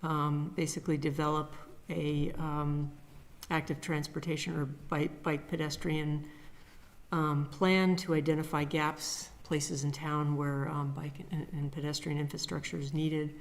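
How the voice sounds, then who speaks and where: A woman who is a town planner giving a halting update at a public meeting. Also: sits low, level tone. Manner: hesitant, many fillers.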